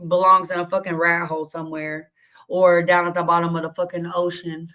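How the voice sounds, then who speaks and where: A woman's voice: on the low side, little pitch movement, fairly quick, fairly bright tone, low-quality recording. A young adult woman hosting a livestream, ranting bluntly to her chat with constant cursing and indignant questions. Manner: blunt, cussing, indignant, reads chat aloud. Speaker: livestream host. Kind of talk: heated profane rant to stream chat.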